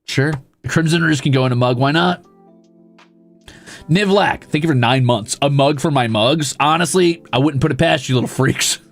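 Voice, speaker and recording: Excitable, profane young male streamer. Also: a little high, normal speed, soft background music. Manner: profane, excitable ranting that swings to mock calm. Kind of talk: casual livestream chat reading comments.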